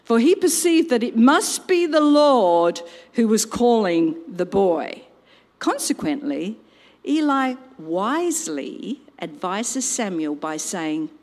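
A woman telling a Bible story in an expressive storytelling style, with personal asides. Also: medium pitch. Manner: slow, animated storytelling with asides. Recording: long reverb.

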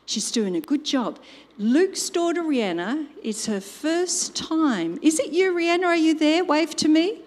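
Expressive older woman preaching in a hall. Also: high voice, measured pace. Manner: expressive, acts out quotes and sound effects. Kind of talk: sermon with storytelling. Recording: long hall reverb.

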